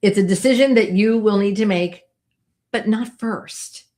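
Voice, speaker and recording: A woman in her fifties co-hosting a casual real estate chat, chatty and animated, laughing often. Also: mid-range voice, a little slow. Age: 50s. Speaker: realtor podcast co-host.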